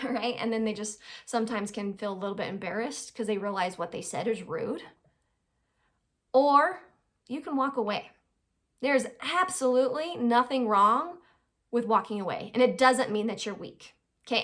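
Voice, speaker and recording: An advice host with a slightly high voice, speaking at a normal pace, gives a casual life-skills lesson and keeps asking "right?" to check in. When she quotes people, she acts them out in lively little voices.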